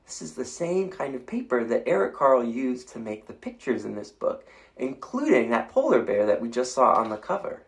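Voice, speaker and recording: A man's voice: mid-range voice, sing-song, normal speed, hardly any pauses. A man reading a picture book aloud to children, playfully inviting them to make animal sounds along with him. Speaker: storytime reader.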